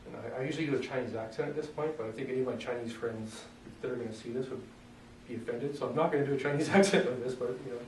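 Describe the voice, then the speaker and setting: A man coaching strikes in a loose, joking, hands-on way, stopping now and then to clear his throat. His voice comes from well away from the mic, bouncing around a roomy space, with a faint hum of ambience behind him. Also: mid-range voice, racing, recorded from a distance. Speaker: self-defense instructor. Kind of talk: casual demonstration lesson.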